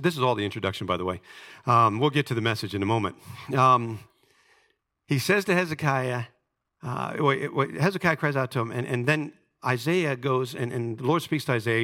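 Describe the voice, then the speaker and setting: A male preacher telling a Bible story in a sermon, dramatic, swinging between loud emphasis and hushed asides. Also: mid-range voice, a little fast.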